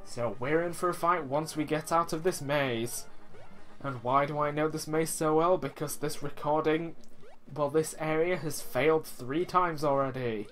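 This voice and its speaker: A man's voice: a little high, unhurried, fairly bright tone. A man casually commenting as he plays a video game, chatty and self-mocking, reading the game text aloud. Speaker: let's play host. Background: faint game music.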